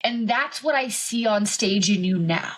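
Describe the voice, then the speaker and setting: A woman's voice: mid-range voice, animated, a little slow, poor audio. A woman hosting a podcast, asking questions and affirming her guest in an encouraging way. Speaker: podcast host. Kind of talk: conversational interview.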